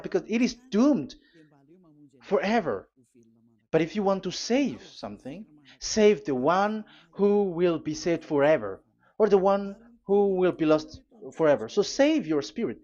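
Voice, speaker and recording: A man's voice: sits high, darkish tone. A preacher, a man, delivers a live sermon in a voice that rises and falls widely as he presses home his warnings. His speech stops and starts with many fillers and restarts between scripture readings. The recording sounds dull and lo-fi. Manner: urgent, emphatic warnings.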